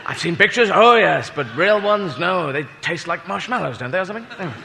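Rambling comedian, high voice. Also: male voice, animated, fast talker, creaky, pushed and bright, big-room sound. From Britain. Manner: rambling, self-interrupting, mock-pompous. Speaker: stand-up comedian. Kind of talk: rambling stand-up storytelling.

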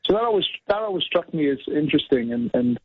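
A man's voice: a little high, expressive, fast talker, slightly rough. Rambling man on a tinny phone line. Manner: rambling, many fillers and restarts. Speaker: musician guest. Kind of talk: casual interview chat.

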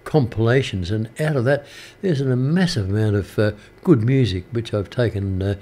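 An older Australian man presenting community radio, telling a story in a rambling, halting way with many fillers. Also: lowish voice, warm tone. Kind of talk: casual radio chat between songs. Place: radio studio.

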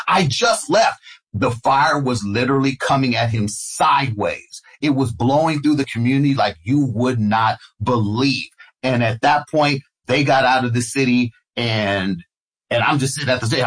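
A radio host in middle age, appearing as an interview guest, relates a personal story in conversation while imitating the people in it. His mid-range voice has a breathy edge, and the audio is poor.

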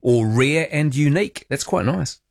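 A man's voice: on the high side, animated, moderate pace, creaky, no echo, clean studio sound. A man hosting a radio call-in show, chatting playfully with callers and cracking jokes. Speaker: radio talkback host. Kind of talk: casual chat with callers. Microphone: studio microphone.

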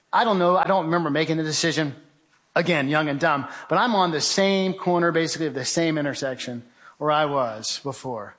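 A man's voice: on the high side, a bit bright. Man telling an urgent survival story. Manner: vivid, urgent storytelling with faith remarks. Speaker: guest speaker. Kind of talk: storytelling testimony talk.

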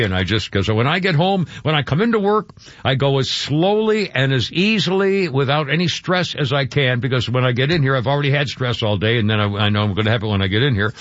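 A man's voice: medium pitch, expressive, fast talker, no room sound. Rambling man on a dry, dull radio mic. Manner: rambling, stumbling over words, chuckling asides. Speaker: radio talk host. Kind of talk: casual rambling chat.

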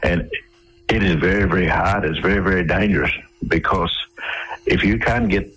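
A man's voice: sits low, normal speed, a bit bright, poor audio. A man telling long, rambling anecdotes as a guest in a radio interview, often restarting his sentences.

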